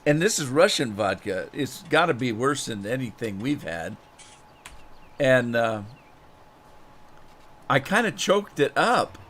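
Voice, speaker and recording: This streamer's mid-range voice has a sing-song, slightly bright quality; he talks slowly and pauses often. Playing a farming game, he tells a meandering story with chuckles and repeated words, then welcomes chat viewers.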